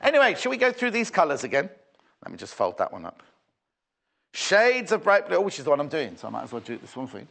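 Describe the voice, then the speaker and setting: A man's voice: on the high side, huge pitch swings, fast talker, creaky, sharp tone. A man presenting fabric on a live shopping channel, chatty and bubbly with rambling asides and a slightly sore throat. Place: TV studio.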